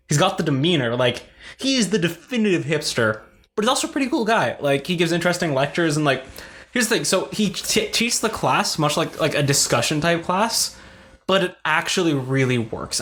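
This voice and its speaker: Casting: young male podcast co-host, casual rambling storyteller, slightly higher pitch. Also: fairly bright tone. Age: young adult. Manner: rambling, filler-heavy storytelling with frequent laughs. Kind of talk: casual chat.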